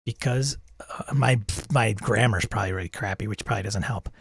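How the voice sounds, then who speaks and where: A man's voice: on the low side, brisk, creaky, husky, dry recording, clean studio sound. A man casually commenting as he runs a role-playing game with an AI storyteller, thinking aloud and chuckling at it.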